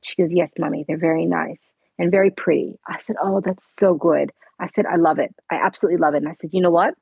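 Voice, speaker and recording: A woman's voice: lowish voice, steady tone, quick pace, creaky, a little mellow, slightly rough, no room sound, low-quality recording. A middle-aged woman, a podcast guest telling her story earnestly in conversation and acting out the dialogue. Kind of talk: conversational interview.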